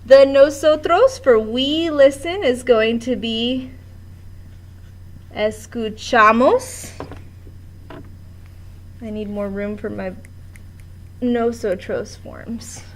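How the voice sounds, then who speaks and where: A woman's voice: fairly high pitch, slow pace, darkish tone. A woman teaching a Spanish grammar lesson at a board in a classroom, explaining step by step with patience.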